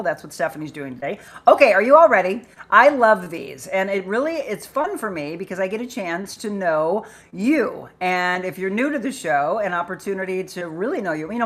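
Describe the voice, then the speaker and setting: A woman hosting a live chat show, upbeat and chatty as she reads out viewers' comments and names. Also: medium pitch. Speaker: livestream host.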